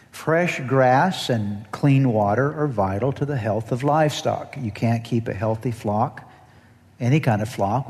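A man's voice: medium pitch, darkish tone, in a large hall. A male pastor preaching an earnest sermon and leading the congregation in call-and-response.

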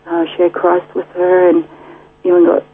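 A woman shares her story as a radio guest in a chatty, filler-filled way, laughing often. Her voice is husky. She is heard over a thin, tinny phone line. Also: on the low side, monotone, measured pace. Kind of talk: casual testimony.

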